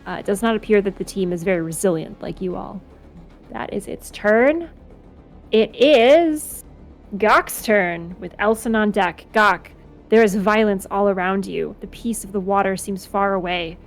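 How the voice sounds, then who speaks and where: A young woman runs a tabletop game as dungeon master, her voice sitting at an ordinary middle pitch. She narrates the action and explains rules by thinking aloud, with faint music playing behind her. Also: measured pace.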